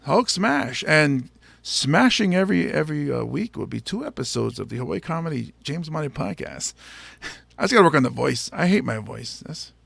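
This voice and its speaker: Joking guy hosting a comedy podcast, kinda high voice with gravelly fry, dry close sound. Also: big pitch swings, moderate pace, fairly bright tone, no echo. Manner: playful, joking, slips into bits. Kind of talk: casual podcast chat.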